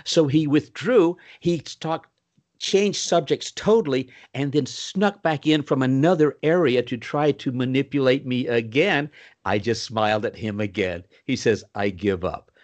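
An older man telling stories as an interview guest, animated, with sudden pitch swoops. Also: a little slow. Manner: puts on Southern voices for quoted people. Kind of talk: storytelling in a podcast interview.

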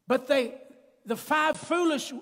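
A male preacher delivering an emphatic sermon, calling out to the congregation and building up to shouted peaks. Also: very high voice, slow pace. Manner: calls to the congregation. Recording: long church-hall reverb.

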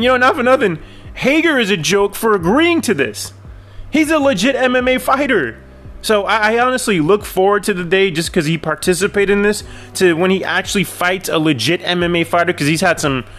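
A man's voice: high voice, a bit bright. A man hosting his own podcast, ranting bluntly and sarcastically, swearing when worked up. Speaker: podcast host.

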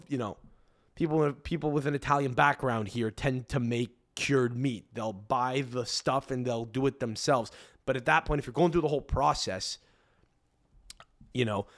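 Guy doing a sweary incredulous rant on his podcast, comedic storytelling. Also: mid-range voice. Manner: ranting, profane, incredulous. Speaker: podcast host. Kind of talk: comedic monologue.

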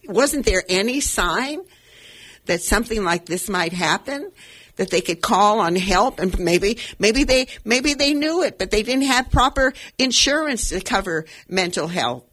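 A woman's voice: on the high side, fairly bright tone. An older woman hosting a radio talk show, speaking with earnest, emotional conviction and rambling, restarting sentences. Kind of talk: impassioned commentary.

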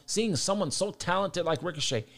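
A man's voice: sits high, animated, normal speed, gravelly, fairly bright tone. A young man ranting heatedly about wrestling, swearing often and repeating himself as he gets worked up. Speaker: wrestling commentator. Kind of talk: heated casual rant.

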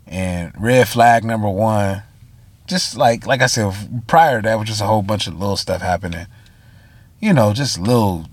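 A tired, yawning man with a deep voice tells a story on his casual solo podcast, full of slang, fillers and asides to listeners. The recording has no room sound.

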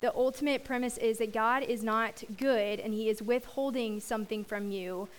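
A woman's voice: a little high, steady tone, normal speed, poor audio. Chatty young woman giving a youth sermon. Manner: casual, chatty, laughs at her own slips. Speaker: youth speaker. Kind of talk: youth sermon with prayer and scripture reading.

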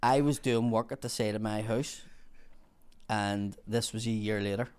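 A man's voice: on the low side, fairly even intonation, normal speed, a little mellow, smooth. A man, a podcast guest telling stories, swearing freely and acting out the people in them. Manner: swears freely, acts out other people's voices. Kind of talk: casual storytelling.

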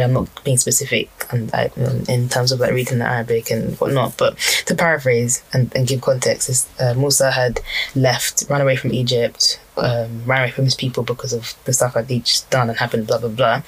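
Husky-voiced young man musing. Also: medium pitch, low-quality recording. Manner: hesitant, rambling, many restarts and fillers. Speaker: speaker reflecting on personal prayers. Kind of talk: casual reflective monologue.

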